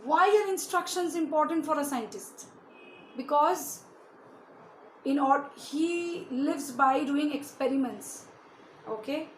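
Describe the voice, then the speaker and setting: A woman teaching a lesson to young children, asking them many questions and often adding "you know". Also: high voice. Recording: echoey room with faint hiss.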